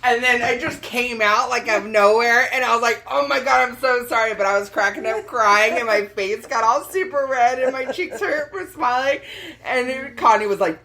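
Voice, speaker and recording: A woman's voice: fairly high pitch, moderate pace, gravelly, bright, forceful tone. A young adult woman co-hosting a podcast, telling stories in casual chat, laughing often, swearing freely and acting out quotes. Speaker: podcast co-host.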